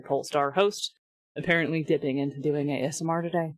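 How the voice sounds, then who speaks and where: A woman's voice: sits low, steady tone, a little fast, no echo. Chatty woman host, casual and profane, close mic in a studio. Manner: chatty, swears, filler-heavy, laughs often. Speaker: podcast host. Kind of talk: casual chat.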